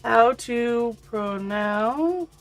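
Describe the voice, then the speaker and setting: A woman's voice: a little high, lively intonation, drawn-out words. A woman streaming a video game, chatting casually with her viewers and her pet, laughing often. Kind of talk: casual chat while gaming. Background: faint intro music.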